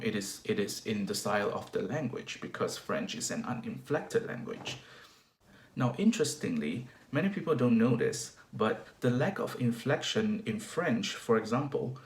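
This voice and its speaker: A man's voice: fairly low pitch, reverberant. A man from Malaysia giving a video lesson on singing diction, explaining step by step with hesitant restarts.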